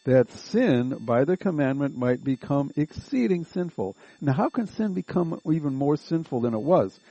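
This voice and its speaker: A man with a mellow, dark voice leads a Bible study, reading a passage and then working through it phrase by phrase. He rereads and rephrases as he goes, in a methodical teaching manner. The recording is dull and lo-fi, with a dry sound and no room echo. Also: medium pitch, creaky, husky. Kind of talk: Bible study lesson, reading and explaining a text.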